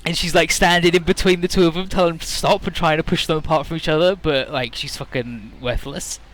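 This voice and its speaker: A man with a bright, slightly high voice casually recapping a game's story, profane and rambling as he slips in and out of character voices. Faint game music plays underneath. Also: fairly even intonation, brisk. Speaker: let's play commentator.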